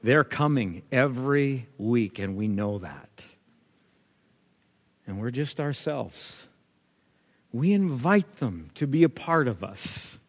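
A male pastor preaches a sermon, telling a story that builds toward emphatic, repeated lines. His mid-range voice has lively intonation, and he speaks slowly with long pauses. The recording carries a long hall reverb.

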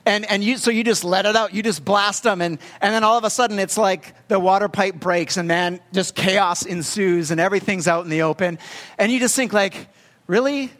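A young adult man preaching a storytelling sermon as pastor, talking in a conversational, halting way with plenty of fillers. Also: high voice, a bit bright. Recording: long hall reverb.

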